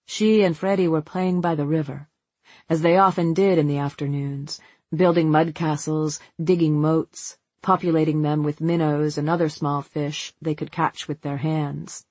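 A narrator reading a novel aloud as an audiobook in a measured, unhurried way. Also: mid-range voice, steady tone, a little mellow, no echo.

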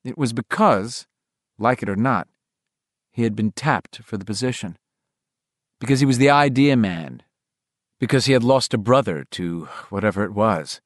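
A man narrating a novel in a measured, expressive reading. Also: lowish voice, no room sound, studio quality. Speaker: audiobook narrator.

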